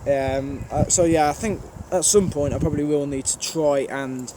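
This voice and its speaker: A man's voice: on the high side, fairly even intonation, normal speed. Blunt Birmingham man at a railway station. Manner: blunt, rambling, chatty with fillers. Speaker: trainspotting channel host. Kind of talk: casual Q&A vlog. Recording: outdoor background noise.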